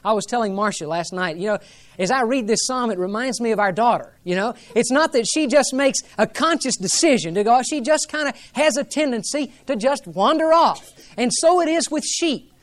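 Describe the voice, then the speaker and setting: A man's voice: very high-pitched, lively intonation, normal speed. A male pastor preaching a sermon in an earnest, reverent way, building to emphatic rises.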